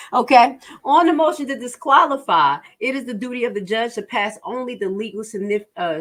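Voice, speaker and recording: A woman's voice: lowish voice, a bit bright. A woman with a New Jersey accent reading a legal motion aloud and explaining it to her viewers, stumbling over words and stopping for asides. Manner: halting reading with many fillers and restarts, asides to the audience. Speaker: legal commentary host.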